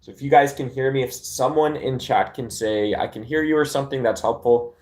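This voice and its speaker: A man's voice: medium pitch, brisk, darkish tone. Chill guy on a livestream, rambly, lots of ums and restarts, talking into his phone. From Arizona, United States. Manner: laid-back, rambling, many fillers and restarts. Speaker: livestream host. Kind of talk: casual livestream chat.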